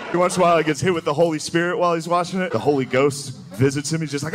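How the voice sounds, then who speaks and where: Stand-up man with a lively, noisy live room. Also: a little high, rapid-fire, few pauses, a crowd in the background. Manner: deadpan delivery, jumping into loud mocking character voices. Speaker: stand-up comedian. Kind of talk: stand-up comedy set. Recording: live club set with audience laughter, background noise.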